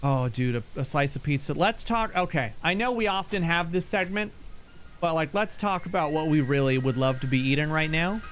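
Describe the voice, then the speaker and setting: A man giving live commentary as he plays a game, talking to himself and his chat and yelping and shouting when something startles him. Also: a little high, moderate pace, faint music behind. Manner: talks to himself and to chat while playing. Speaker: streamer.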